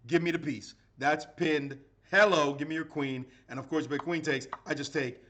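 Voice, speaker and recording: Animated, playful male chess commentator. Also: on the high side, moderate pace. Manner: animated, playful, dramatic exclamations.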